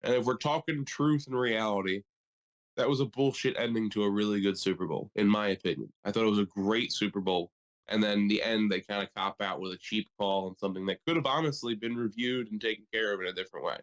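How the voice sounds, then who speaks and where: A man co-hosting a podcast in casual chat, riffing in a profane, animated way. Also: on the low side, quick pace. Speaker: podcast co-host.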